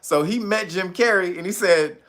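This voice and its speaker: Male streamer, bright edgy tone, chatty storyteller who keeps breaking into laughter. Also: high voice, normal speed. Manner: laughs often, retells jokes with put-on voices. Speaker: streamer host. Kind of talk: casual storytelling.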